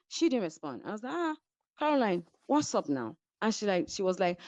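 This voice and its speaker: A woman's voice: on the high side, sing-song, fairly quick, a little mellow, dry recording. A woman with a Nigerian accent, heatedly retelling a fight in casual chat, acting out the voices she quotes and code-switching between languages. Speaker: reality show cast member. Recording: dull, dry lo-fi audio.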